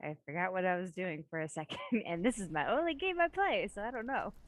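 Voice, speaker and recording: A woman's voice: medium pitch, animated, fairly quick. A woman player introducing her character, scattered and laughing at herself. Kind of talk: casual self-introduction.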